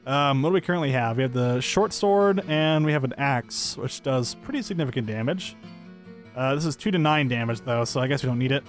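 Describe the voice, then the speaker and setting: A man's voice: mid-range voice, animated, brisk, soft background music. A man giving upbeat, chatty let's-play commentary, thinking aloud as he plays. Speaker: gameplay commentator.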